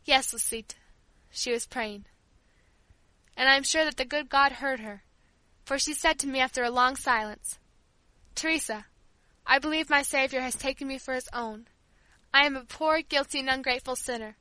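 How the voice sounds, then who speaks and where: Devoted elderly servant woman in a storybook, tender and earnest, high bright voice, read by a woman. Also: moderate pace, no room sound, poor audio. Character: kindly old female family servant, devoted.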